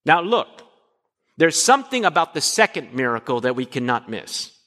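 A man's voice: on the high side, moderate pace. A man preaching a sermon, asking his listeners questions and acting out short dialogues. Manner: animated, asks the congregation questions. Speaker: pastor. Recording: long hall reverb.

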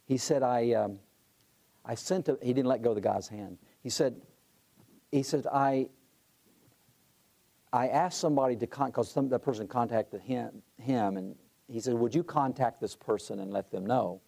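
A middle-aged conference president talks conversationally about leadership, telling a story full of asides and restarts. His medium-pitched voice is creaky and dark, with a measured pace and frequent pauses.

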